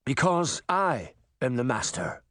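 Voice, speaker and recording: A man doing a cold, measured storybook villain, lively pitch. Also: no echo, studio quality. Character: calm, cold male villain.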